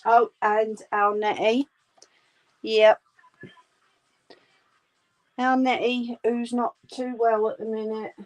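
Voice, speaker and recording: Her voice is a little high and flat, and she speaks slowly with frequent pauses. She's crocheting on a livestream from a room at home, casually answering comments and reassuring viewers, whom she homely calls "love."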